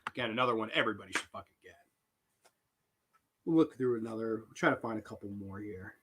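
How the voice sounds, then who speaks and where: A man hosting a live horror trivia stream, reading questions and reacting to chat answers with excitable, swearing banter. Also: on the low side, fast, breathy edge. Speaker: host.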